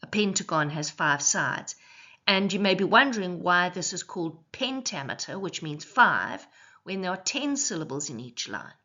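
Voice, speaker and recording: A woman teaching a poetry lesson, explaining clearly and slowing down to stress syllables. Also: lowish voice, big pitch swings, bright, forceful tone, muffled recording.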